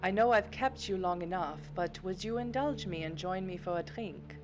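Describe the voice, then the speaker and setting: A woman's voice: mid-range voice, fairly even intonation, normal speed, over music, natural voice. A woman reading the lines of a refined, confident male investor in a game, in her own voice. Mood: courteous. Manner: polite, businesslike.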